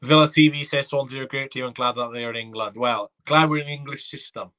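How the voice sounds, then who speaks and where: Bright-voiced excitable football fan. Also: male voice, mid-range voice, fast. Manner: excitable, chatty, reads viewer comments aloud. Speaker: fan watchalong host. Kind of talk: live reaction commentary.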